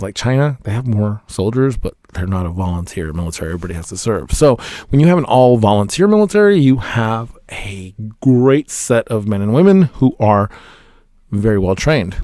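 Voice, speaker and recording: A man's voice: mid-range voice, darkish tone, no echo, studio quality. A man, a military veteran, talking casually to camera as a fatherhood vlogger, rambling and emphatic with little laughs between points.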